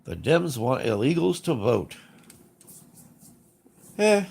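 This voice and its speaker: This livestream host talks slowly in a mid-range voice that swings widely in pitch, with a creaky, husky, darkish tone. Stuffed up from congested sinuses, he chats casually and reads chat, rambling, going over the same points and speaking bluntly.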